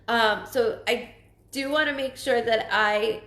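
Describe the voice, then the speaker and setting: A woman giving a live psychic reading, earnest and emotional, halting and often restarting her sentences. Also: fairly high pitch, a bit bright, echoey room. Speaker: psychic medium. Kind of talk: live-streamed spirit reading.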